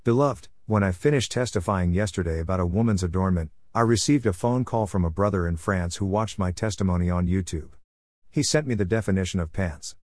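A man's voice: low-pitched, brisk, darkish tone, no room sound, clean studio sound. A man preaching an earnest, solemn sermon testimony about a vision of heaven.

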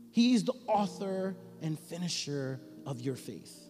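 Male pastor, fervent sermon, slightly high voice, music under him. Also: big pitch swings, slow pace, hardly any pauses, a little mellow. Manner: impassioned preaching with repeated phrases. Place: church sanctuary. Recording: echoey church hall with music behind.

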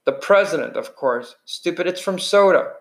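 A rough-voiced teenage greaser, cocky and blunt, ribbing the younger boys, as a man reading the book puts him on. His voice sits at an ordinary middle pitch for a man but often jumps higher when he snaps a remark. It comes across as a gruff storybook voice rather than a full performance. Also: lively intonation, moderate pace.

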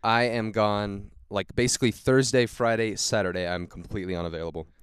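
A young man co-hosting a podcast in relaxed conversation with short, easygoing replies. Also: on the low side, brisk, clean tone, no echo, clean studio sound. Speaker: podcast co-host. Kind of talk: casual chat.

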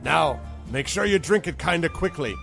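Guy putting on a loud cheery barkeep, jokey salesman patter, pitch all over the place. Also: animated, normal speed, gravelly, faint music behind. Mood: jovial. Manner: hearty, salesman-like, joking. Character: jovial boastful male tavern keeper.

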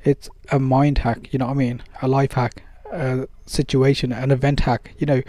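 Dark-voiced man giving casual advice. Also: mid-range voice, level tone, normal speed. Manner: conversational, acts out dialogues, many fillers.

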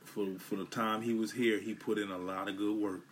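Low-voiced, profane New podcast host. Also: male voice, steady tone, brisk, a little hiss or hum. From Brooklyn, New York. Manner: loose, emphatic, profane street talk. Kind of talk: casual solo podcast monologue.

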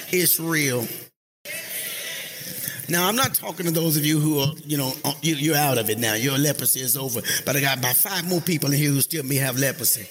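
High, bright-voiced preaching man. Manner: preaching with call-and-response and sung, chanted phrases; rising into high, half-sung shouts. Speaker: pastor. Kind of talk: sermon. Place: church sanctuary.

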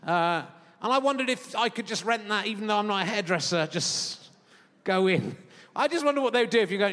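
A man's voice: high-pitched, animated, a little fast, a bit bright. A man in his fifties hosting a comedy podcast live on a theatre stage, chatting in a rambling, self-mocking way with lots of fillers. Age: 50s. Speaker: podcast host performing live. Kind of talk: rambling comic stage chat. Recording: long theatre-hall reverb.

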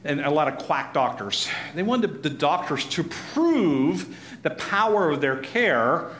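Male Bible teacher, lively pitch, slightly high voice, echoey room, faint hiss. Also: slow pace. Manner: animated, acts out crowd voices, chuckles often.

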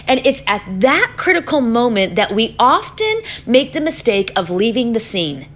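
Female preacher, sermon delivery, lively storytelling, soft drops for emphasis. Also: on the high side, moderate pace, few pauses. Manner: animated storytelling, voice rises for acted pleas, drops soft for calm.

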